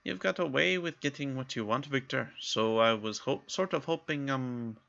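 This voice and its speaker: A man's voice: medium pitch, normal speed, fairly bright tone, muffled recording, pitched above the performer's own voice. A man voicing a grumbling, wine-loving male companion who wheedles for favors. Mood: pleading. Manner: wheedling, gruff.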